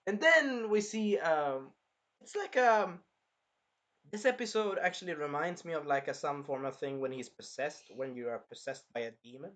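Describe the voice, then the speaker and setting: A man co-hosting a casual review chat, excitable and breaking into shouted impressions of scenes. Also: on the high side, moderate pace. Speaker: anime review co-host.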